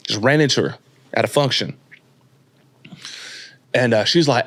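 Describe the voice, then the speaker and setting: A man in his late thirties, a podcast guest telling his story in a casual, slangy, animated way and acting out the people he quotes. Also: mid-range voice, unhurried. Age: 30s.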